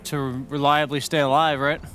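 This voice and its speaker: A man's voice: on the high side, level tone, normal speed, fairly bright tone, soft background music. A man on a live esports analysis desk who asks short, pointed questions.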